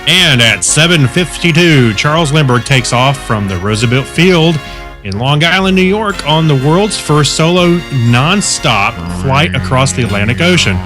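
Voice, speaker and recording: A man's voice: a little high, lively intonation, moderate pace, music in the background. Joking man co-hosting a podcast. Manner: joking, trips over words. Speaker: podcast co-host. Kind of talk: casual group chat.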